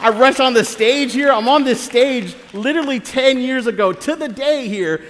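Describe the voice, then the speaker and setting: A man telling his own story live on a theater stage, animated and excitable, often laughing as he talks. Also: extremely high pitch, moderate pace, few pauses, slight background noise. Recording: reverberant live theater hall.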